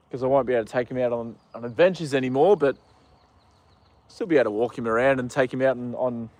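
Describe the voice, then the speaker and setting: A man's voice: mid-range voice, dry recording. A young Australian man chatting casually on a live stream outdoors, rambling with lots of ums and uhs. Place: outdoors with a horse.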